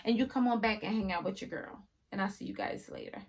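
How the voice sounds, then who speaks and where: A woman casually reviewing a wig for her viewers, chatty and often yelling with excitement. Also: medium pitch, fast talker. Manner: chatty, addresses viewers as y'all.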